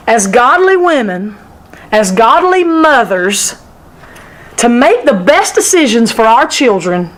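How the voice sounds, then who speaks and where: A woman's voice: high-pitched, poor audio. A woman teaching a women's Sunday school class in a church, emphatic and repetitive in her delivery. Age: adult, former sixth-grade teacher.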